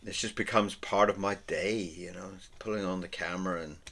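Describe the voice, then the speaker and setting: A man chats away as he sketches, his speech wandering and often dropping to a near-murmur. His voice sits a little low but has a bright, forward edge. The tone is relaxed and unscripted. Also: brisk, a little hiss or hum. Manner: chatty and meandering, often trailing off into a soft murmur. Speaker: artist and vlogger. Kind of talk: casual narration while drawing.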